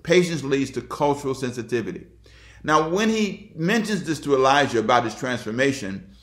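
A man's voice: mid-range voice, a bit bright. Man preaching a sermon in an echoey room. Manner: expository preaching, reads scripture then repeats key lines for emphasis. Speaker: pastor.

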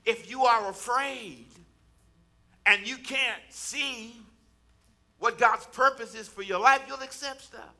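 A man's voice: very high-pitched, slow pace, sharp tone. A man preaching a sermon as pastor, folksy and colloquial, repeating phrases and calling on the congregation to answer back. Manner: call-and-response preaching, repeats phrases for emphasis.

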